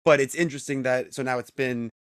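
A man's voice: mid-range voice, fairly even intonation, fast, clear, resonant tone, no room sound, clean studio sound. An American man hosting a podcast, asking questions in a conversational, thinking-aloud way. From United States. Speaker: podcast host. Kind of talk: casual podcast interview.

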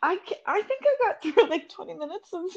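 A young woman co-hosting a podcast in casual chat, giggling often and teasing softly. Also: very high voice, expressive, fairly quick, muffled recording. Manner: giggly, soft-spoken, teasing. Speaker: podcast co-host.

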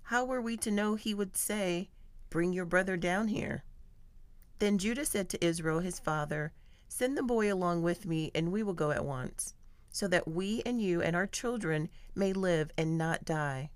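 A woman giving a steady, measured reading of scripture, telling the story and its quoted speech in the same even voice. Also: fairly low pitch, clear, resonant tone, dry recording. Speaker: scripture reader.

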